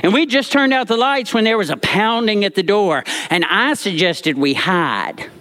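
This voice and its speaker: Animated male storyteller. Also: sits high, normal speed. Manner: animated and expressive. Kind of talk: live storytelling performance.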